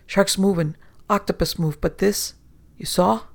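A man voicing a rough, frightened sailor with a hoarse, croaking voice. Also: high-pitched, steady tone, a little slow, voice pushed up, heavily acted. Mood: uneasy.

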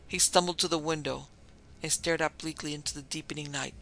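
A man narrating a dark story in a measured, grave manner. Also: fairly high pitch, fairly even intonation, creaky, slight background noise, poor audio.

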